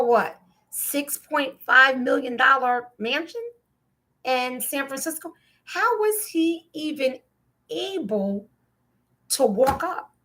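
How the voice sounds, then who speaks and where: A woman's voice: high voice, pushed and bright. A woman from New Jersey hosting a casual opinion talk show, rambling and incredulous as she questions the news. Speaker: podcast host.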